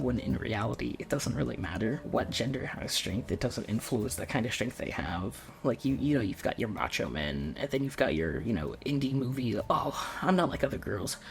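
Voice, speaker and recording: A young man in his twenties talks through an unscripted video essay in a low-key monotone. He keeps his voice down and restarts his sentences as he thinks aloud. His pitch sits at a middling level for a man, and soft music plays faintly underneath. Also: creaky. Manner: quiet and rambling, with restarts. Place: home room with roommates nearby.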